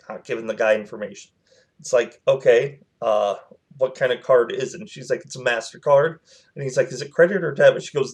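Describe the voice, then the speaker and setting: A man's voice: medium pitch, brisk, darkish tone. A man telling a personal story to his channel in a casual, rambling way, with lots of fillers and quoted back-and-forth.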